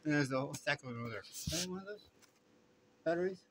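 A man's voice: on the high side, expressive, fast talker, a bit bright. A man vlogging from a shop counter on his phone, rambling and stammering with wry remarks. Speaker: vlogger filming a shop visit. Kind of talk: casual running commentary.

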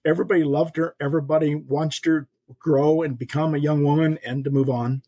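Warm-toned and fairly high-pitched, an older man speaks a little fast with fairly even intonation. On a podcast, he tells his personal faith story as an earnest, folksy testimony, acting out the voices of those he quotes.

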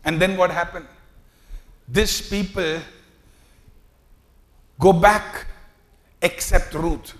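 A man preaching a sermon, acting out the lines he quotes, swinging from soft asides to loud calls. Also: sits high, steady tone, drawn-out words, pauses often, faint music behind. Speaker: pastor.

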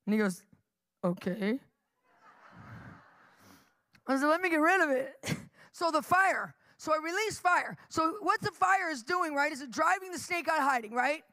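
A middle-aged woman preaching live with animated storytelling, laughing often and acting out the people in her stories. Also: high voice, a little fast, no echo.

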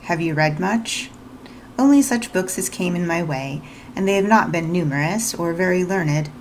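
A woman reading the part of a reserved eighteen-year-old governess who answers plainly and calmly. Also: lowish voice, normal speed, a little hiss or hum, lightly acted, rough recording. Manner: short, plain, composed answers. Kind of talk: read-aloud storybook narration.

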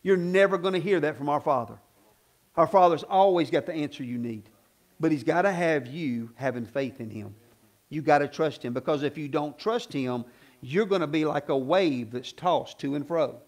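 High-voiced male pastor preaching animatedly. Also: moderate pace. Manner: animated, conversational preaching with frequent calls of "Amen?"; acts out quoted voices. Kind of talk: sermon.

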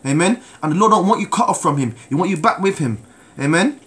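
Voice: medium pitch, expressive, fast, fairly bright tone. A preacher giving a sermon with a personal testimony, emphatic and repeating words, often calling out to listeners for an amen.

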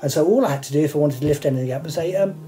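Man, wry storyteller, rambling asides, mellow tone, faint music behind. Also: a little high, racing, poor audio. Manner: wry, digressive, full of fillers and asides. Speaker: host sharing stage rigging anecdotes. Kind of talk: rambling anecdotal monologue.

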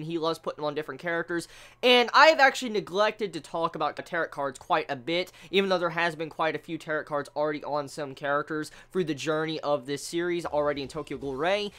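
A manga vlogger giving a casual review, excitable and rambling, who swears freely and exclaims in disbelief. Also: medium pitch. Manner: rambling with restarts.

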